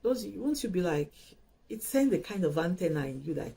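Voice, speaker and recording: Host, woman; husky, repeats points with emphasis. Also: lowish voice, normal speed, poor audio. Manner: animated, emphatic, repeats phrases and restarts. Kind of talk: casual advice talk.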